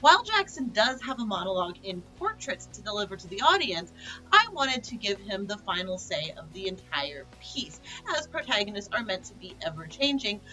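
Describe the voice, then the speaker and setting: A woman, the creator of a stage play, giving a measured, reflective director's commentary. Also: mid-range voice, big pitch swings, bright, forceful tone, faint music behind, low-quality recording.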